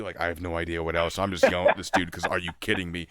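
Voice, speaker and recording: A young man, a sergeant hosting a casual chat, telling stories in an animated way. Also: lowish voice, fast, few pauses, clean tone, no echo, studio quality. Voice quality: animated, shouts in retold scenes. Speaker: host, army sergeant.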